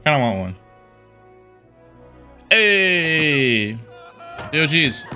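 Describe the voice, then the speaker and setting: Goofy, lively gaming host. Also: male voice, fairly high pitch, drawn-out words, soft background music. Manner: goofy, swears, laughs and rambles. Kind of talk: casual gameplay commentary.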